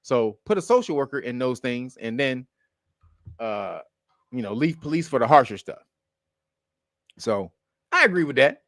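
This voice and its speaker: Loud profane dude ranting casually, bright punchy voice, dry close mic, keeps laughing and correcting himself. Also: male voice, mid-range voice, sing-song, normal speed, pauses often, no echo. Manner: profane, laughs often, loud bursts of mockery; rambling with self-corrections. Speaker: show host. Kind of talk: casual commentary.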